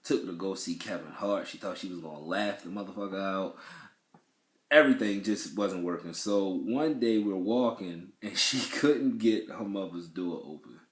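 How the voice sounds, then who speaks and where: A young man telling, in casual vlog style, how his first child was born, animated and swearing freely as he acts out what people said. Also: low voice, moderate pace, reverberant.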